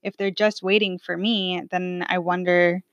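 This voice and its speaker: A woman's voice: fairly low pitch, level tone, unhurried, dry recording, highs cut off. A woman in her twenties telling a personal family story in a casual, chatty way, full of fillers. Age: 20s.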